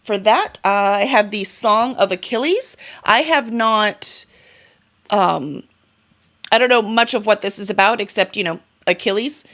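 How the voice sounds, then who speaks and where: A woman's voice: medium pitch, unhurried, fairly bright tone. Chatty woman book vlogger. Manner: chatty, enthusiastic, with fillers and self-corrections. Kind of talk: casual reading-goals vlog.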